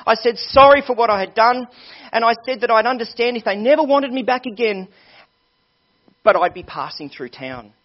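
A man's voice: high-pitched, pitched above the performer's own voice. A man preaching voices a remorseful young man going home after prison, telling his story nervously. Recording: dull lo-fi sermon recording.

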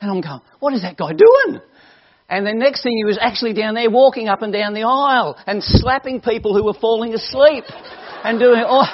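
A man preaching a lively storytelling sermon to a congregation, joking and teasing his listeners as he goes. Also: sits high. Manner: animated, joking, teasing the audience. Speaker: evangelist preacher. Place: church hall before a congregation. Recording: dull lo-fi live sermon recording.

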